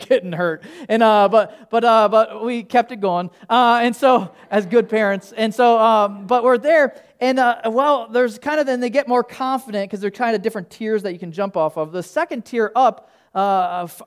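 A man's voice: sits high, clear, resonant tone. Casual, humorous male pastor preaching. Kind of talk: sermon with personal storytelling.

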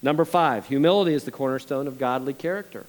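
A male pastor preaching a sermon in a lively, conversational way, asking his congregation questions and adding jokes between Bible readings. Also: mid-range voice, fast talker, poor audio.

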